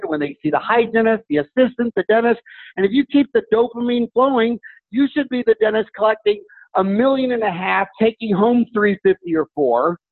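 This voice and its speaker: High-voiced man on a tinny line. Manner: animated, acts out dialogue with patients. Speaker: dentist, podcast guest. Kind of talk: energetic storytelling interview talk. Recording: tinny phone-like audio.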